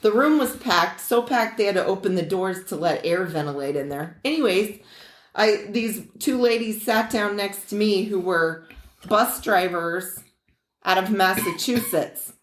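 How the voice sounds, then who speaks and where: Woman podcast co-host, middle-pitched, loose chatty storyteller, roomy studio sound. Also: animated, measured pace. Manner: chatty storyteller, acts out quoted people, swearing. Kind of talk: casual chat.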